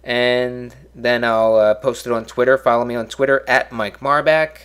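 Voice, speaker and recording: A man's voice: mid-range voice, level tone, moderate pace, fairly bright tone, smooth. Offhand self-mocking podcast host, man. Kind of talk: casual podcast sign-off.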